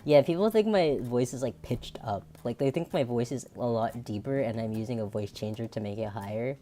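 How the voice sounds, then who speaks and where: A woman's voice: extremely low pitch, fairly quick, mellow, a little hiss or hum. A woman streamer with a nasal, androgynous voice, chatting casually and rambling, laughing often. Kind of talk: casual chat.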